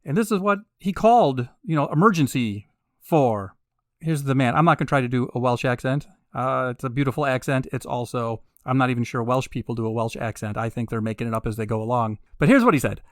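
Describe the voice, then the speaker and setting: A man hosting a podcast in a casual monologue, wry and sarcastic with laughing asides, building to emphatic, drawn-out peaks. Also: medium pitch, no room sound, clean studio sound. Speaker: podcast host.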